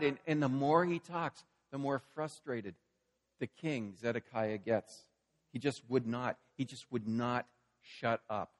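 A man's voice: mid-range voice, measured pace, in a large hall. A man preaching a sermon in a casual, storytelling way, acting out the scenes he describes. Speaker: pastor.

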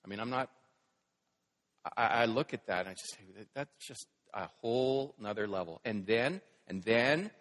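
A man's voice: mid-range voice, lively intonation, moderate pace. Preaching man in an echoing hall. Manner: dramatic, swings from hushed to loud when reading scripture. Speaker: pastor. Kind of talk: sermon. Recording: long reverb of a large hall.

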